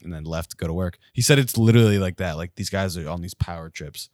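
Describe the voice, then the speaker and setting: A low-pitched man tells stories in loose, casual podcast chat. He swears freely and gets animated as he talks. The sound is dry and close, with no room around it. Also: fast, dry recording. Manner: profane, animated storytelling.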